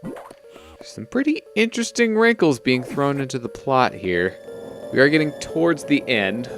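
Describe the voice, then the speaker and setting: A young man giving casual, relaxed gameplay commentary, rambling with many fillers. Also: medium pitch, moderate pace, faint music behind. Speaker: let's play commentator.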